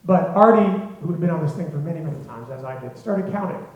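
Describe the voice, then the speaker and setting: A man telling a lively anecdote to a live audience, chuckling as he goes, recorded in a very echoey hall with dull sound. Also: a little high, fast. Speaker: storyteller at a symposium.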